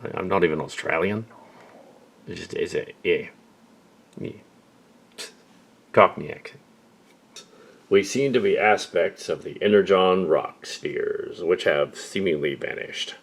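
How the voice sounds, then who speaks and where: A young man improvising deadpan voice acting for a fan-film parody, with muttered asides. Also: low-pitched, unhurried, gravelly, long pauses.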